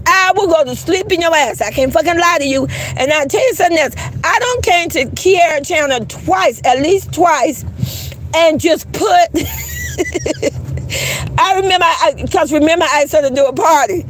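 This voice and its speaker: A high-pitched woman hosts a casual livestream chat. She talks bluntly and swears freely while greeting viewers. A faint hum of background noise sits under her voice. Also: fairly bright tone. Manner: blunt, profane, laughing, reads chat aloud. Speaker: livestream host.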